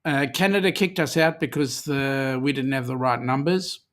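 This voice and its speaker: A man's voice: medium pitch, normal speed, fairly bright tone. A man with an Australian accent, originally from South Africa, hosting a livestream and chatting as he reads out viewer comments. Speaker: host. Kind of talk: livestream chat.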